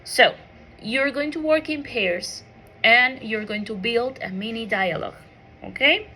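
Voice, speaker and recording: A woman's voice: fairly high pitch, a little slow, bright, forceful tone, husky. A woman teaching an English pronunciation micro lesson, asking the class questions and checking in with "okay?" after each point.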